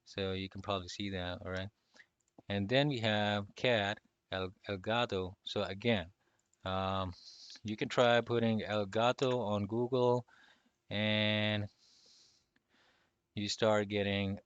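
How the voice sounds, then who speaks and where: A man teaching a relaxed online lesson, speaking loosely with lots of fillers and chuckles. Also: on the low side, slow, long pauses, clean tone, no room sound, lo-fi sound. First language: not Spanish. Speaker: language teacher.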